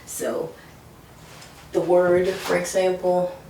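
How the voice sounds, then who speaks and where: A woman's voice: fairly low pitch, completely flat delivery, slow pace, warm tone, a little hiss or hum. A woman teaching French pronunciation, explaining patiently and often checking in with "okay?". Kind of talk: whiteboard language lesson. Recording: echoey room from far off.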